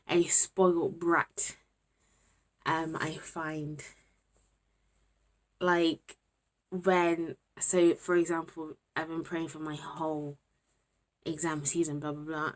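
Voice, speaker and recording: A young woman, a student talking candidly to camera in a casual vlog, often dropping to a murmur. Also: on the low side. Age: 20s. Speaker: university student vlogger.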